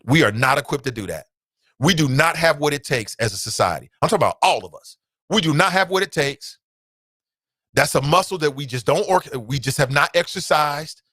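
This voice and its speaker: A man's voice: mid-range voice, a bit bright, dry recording. Blunt, fired-up male talk show host. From United States. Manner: blunt, fired-up ranting with swearing. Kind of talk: opinionated solo commentary.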